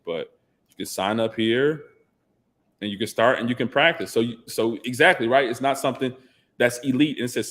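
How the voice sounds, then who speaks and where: Guy hosting a live stream, chatty, answers chat stuff, keeps saying absolutely, middle pitch. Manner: conversational, reads chat aloud, repeats "absolutely". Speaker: livestream host.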